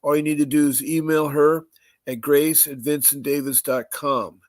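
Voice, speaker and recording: A man hosting a live-streamed podcast and reading out housekeeping notes in a halting way, with many fillers, restarting and repeating details slowly. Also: a little high, fairly even intonation, no echo. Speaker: podcast host.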